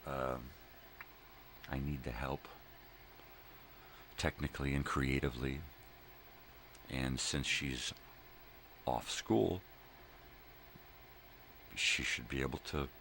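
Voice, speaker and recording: A man's voice: rumbling low, a bit bright, slight background noise. An older man hosting his own daily show, rambling casually at home with laid-back slang, jokes and thinking aloud.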